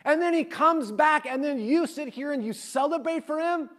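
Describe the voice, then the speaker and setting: A man's voice: very high voice, moderate pace, a bit bright, pitched above the performer's own voice. A man voicing a resentful young older brother who protests in bitter disbelief. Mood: indignant. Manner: bitter, incredulous outburst.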